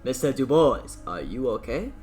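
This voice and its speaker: A man voicing a scheming, smooth-talking male union boss in a game let's-play, speaking slowly and in a deliberately reassuring way. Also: mid-range voice, very animated, a little mellow, faint music behind, natural voice. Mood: alarmed. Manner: slow, oily, deliberately reassuring.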